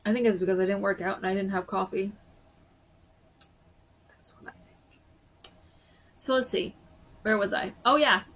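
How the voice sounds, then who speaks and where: A woman's voice: mid-range voice, quick pace, fairly bright tone. A woman vlogger chatting casually and sounding a bit sleepy, rambling with lots of fillers. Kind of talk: casual chat.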